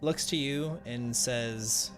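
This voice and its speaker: A man narrates a tabletop game as game master in a casual, halting way, often with fillers. His pitch is middling for a man. Faint music plays behind him. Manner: casual, laughing, swears when flustered.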